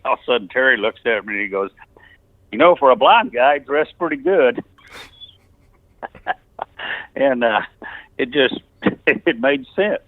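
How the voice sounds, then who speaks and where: A man's voice: medium pitch, no room sound. An older man from Texas telling rambling stories with chuckles and restarts in a casual interview. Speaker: musician telling his story. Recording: tinny phone-line interview.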